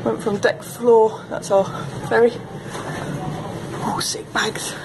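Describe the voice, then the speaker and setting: A woman chatting her way around a ferry as a travel vlogger, lively and quick to laugh. Her voice sits a little high. A constant hum of ship noise runs under everything she says. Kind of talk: casual walk-through commentary. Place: ferry car deck and cabin.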